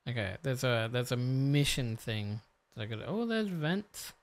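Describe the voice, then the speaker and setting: Let's-play commentator, foul-mouthed, talks to viewers, slow drawl, smooth clear voice. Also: medium pitch. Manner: swears often, talks straight to viewers; mutters to self, then bursts out excitedly. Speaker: gameplay commentator.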